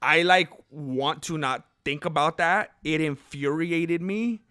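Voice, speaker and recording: High-voiced man rambling on a livestream. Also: slow pace, pushed and bright, smooth, no echo, clean studio sound, faint music behind. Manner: rambling, conversational, talks to chat. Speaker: livestream host. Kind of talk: casual livestream chat.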